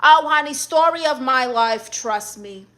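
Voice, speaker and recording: A woman's voice: high voice, unhurried, fairly bright tone. A woman hosting a casual livestream, reading viewer comments aloud and answering them in a sassy way that keeps calling people honey. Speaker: livestream host.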